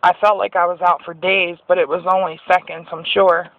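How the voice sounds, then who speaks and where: Gravelly-voiced woman giving a testimony. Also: on the low side, level tone, fairly quick, lo-fi sound. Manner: earnest, rambling, with restarts. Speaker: person sharing a faith testimony. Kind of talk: personal testimony monologue.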